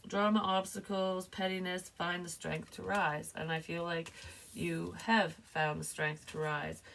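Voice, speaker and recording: A woman's voice: on the low side, creaky, fairly bright tone. A woman giving a casual spoken psychic reading, chatty and loose, laughing often and swearing now and then. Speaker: psychic reader.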